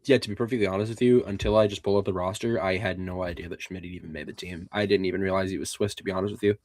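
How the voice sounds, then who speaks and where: A young man co-hosting a sports podcast in casual chat, running through rosters in an even, methodical way. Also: sits low, very fast, dry recording, clean studio sound. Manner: lists players in an even, methodical way. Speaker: podcast co-host.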